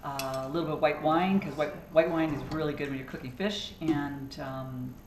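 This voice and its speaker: A woman's voice: low-pitched, fairly even intonation, normal speed, noisy background. A middle-aged woman hosting a casual cooking chat with friends in a kitchen, talking loosely with fillers and restarts. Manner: chatty, trails off with fillers and restarts. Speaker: host. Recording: echoey kitchen from a distant mic.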